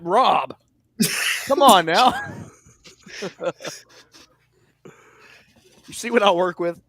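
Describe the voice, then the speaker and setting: A man's voice: sits high, lively intonation, very slow, fairly bright tone, dry recording. A young man, a wrestling commentator, telling a story in casual podcast chat, acting out quotes and laughing often.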